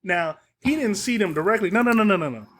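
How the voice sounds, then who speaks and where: A man hosting a casual podcast, retelling a story with animated acted-out lines and plenty of swearing. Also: sits high, fast. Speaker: podcast host. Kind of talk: casual chat, retelling a show.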